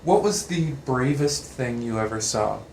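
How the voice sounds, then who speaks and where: A man's voice: medium pitch, animated, unhurried, vocal fry, darkish tone. A man interviewing a veteran, asking short questions and giving brief, encouraging reactions. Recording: echoey room, faint background hiss.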